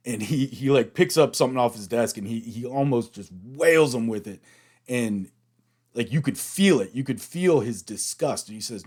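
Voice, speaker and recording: An American man hosting a reaction video, chatting through an episode recap in an animated way. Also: medium pitch, normal speed, slightly rough. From United States. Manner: chatty, animated retelling, acts out quotes.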